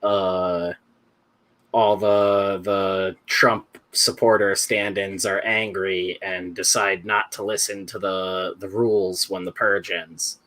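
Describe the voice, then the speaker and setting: A man with a lowish voice chats loosely on a podcast. He rambles and jokes, laughing easily with his friends. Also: little pitch movement, a bit bright. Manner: joking, rambling, quick to laugh. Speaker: podcast co-host. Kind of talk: casual chat.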